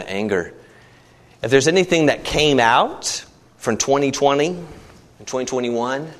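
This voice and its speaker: A man preaching a sermon, rising to emphatic peaks and dropping low, acting out everyday voices in asides.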